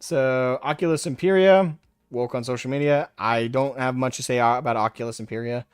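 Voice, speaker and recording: A man's voice: medium pitch, brisk, clear, resonant tone, dry recording, studio quality. A man hosting a live stream, talking in a brash, mocking way and taunting people in a raised voice. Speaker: livestream host. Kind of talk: casual livestream commentary.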